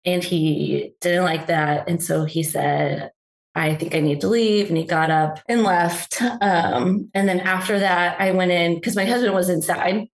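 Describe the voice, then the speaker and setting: A woman's voice: lowish voice, fairly even intonation, measured pace. A woman telling a family story as a caller, chatty and hesitant, with many fillers. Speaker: caller seeking advice. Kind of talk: casual storytelling.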